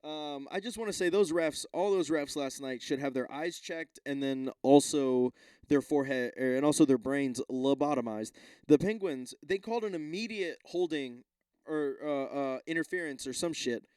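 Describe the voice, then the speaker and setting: A man hosting his own podcast, talking off the cuff in a loose, profane ramble that keeps doubling back on itself. His voice sits a little high but sounds mellow and warm. The room is dry and close, with no echo. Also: normal speed, clean tone. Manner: rambling, profane, self-interrupting. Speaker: podcast host. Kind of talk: casual solo rant.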